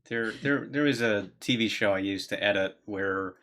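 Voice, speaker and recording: Explanatory man host, lower bright voice. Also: moderate pace. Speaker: podcast host and film director. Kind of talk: casual podcast chat.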